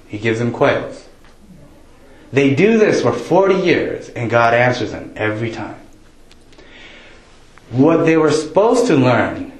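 A pastor preaches in a chatty, joking, conversational style with a middle-pitched voice, raising it to act out people's prayers. A roomy echo suggests a church hall.

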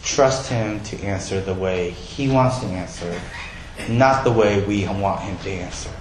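A man's voice: sits low, unhurried, echoey room, a little hiss or hum, low-quality recording. A male pastor giving a sermon in a conversational way, asking his listeners questions.

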